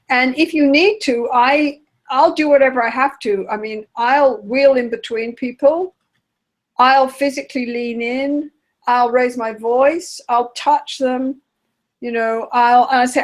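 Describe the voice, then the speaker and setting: A woman guest, a therapy trainer, teaching in casual conversation and lively acting out what a therapist says to clients. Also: fairly high pitch. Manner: lively, acts out therapist dialogue.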